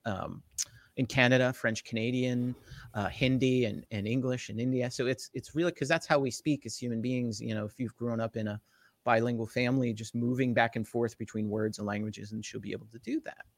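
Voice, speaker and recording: A man from the Jersey Shore, USA, speaks with a New Jersey accent in a mid-range voice, recorded with no echo. He's a tech company guest explaining technology in a casual interview. He's animated and keeps checking in with "right?" tag questions.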